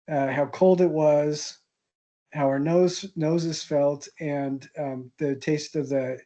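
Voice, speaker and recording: Relaxing mid-lesson, a male art history instructor tells a rambling anecdote in a low, warm voice. He's talkative and hesitant, full of ums and restarts, and he laughs at his own punchlines. The sound suggests a classroom.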